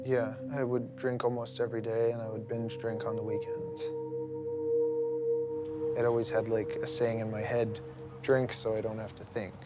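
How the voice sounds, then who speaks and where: A man's voice: on the low side, little pitch movement, normal speed, loud music behind the voice. A man in a reflective interview, explaining things earnestly and often asking rhetorical questions. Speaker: barber interviewed about his life.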